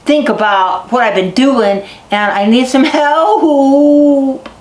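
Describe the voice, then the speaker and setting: A woman's voice: high-pitched, slow pace, darkish tone, pitched above the performer's own voice. A woman voicing a big proud male wolf in a told animal tale, speaking in an earnest, plain way. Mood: grateful. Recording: echoey barn recording.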